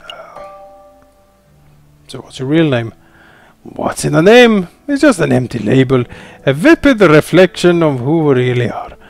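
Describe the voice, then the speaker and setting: A man voicing a suave male fox con man with a put-on Spanish accent, talking in a smooth, theatrical, drawn-out way over game music. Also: on the high side, big pitch swings, full character voice. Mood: sly. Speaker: game player voicing characters.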